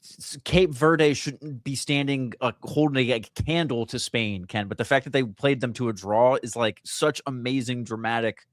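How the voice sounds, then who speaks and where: A man's voice: mid-range voice, moderate pace, no echo, clean studio sound. A man co-hosting a talk show, talking with casual, emphatic enthusiasm. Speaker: co-host.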